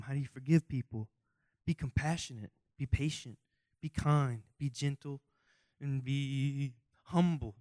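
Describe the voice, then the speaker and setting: Rambling and self-mocking, a young preacher works through a lighthearted sermon stuffed with asides and rhetorical questions. His voice is mid-range and a little mellow, captured in a dry, studio-quality recording.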